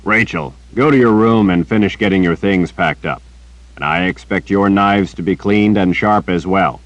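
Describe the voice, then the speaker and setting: A man reading an audiobook, voicing a big, gruff male warrior who speaks stern yet teasing to a child. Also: low-pitched, moderate pace, no echo, highs cut off, natural voice.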